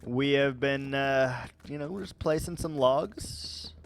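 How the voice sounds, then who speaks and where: A man casually chatting with viewers while playing a game, rambling and relaxed with many fillers and restarts. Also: mid-range voice, slow pace, a little hiss or hum. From United States. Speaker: gaming vlogger. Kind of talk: casual let's-play chat answering viewers.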